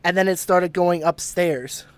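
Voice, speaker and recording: A man's voice: high voice, unhurried, clear, resonant tone, dry recording. A man hosting a podcast, telling a story casually with lots of swearing and laughter. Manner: profane, laughing, animated retelling. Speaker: podcast host.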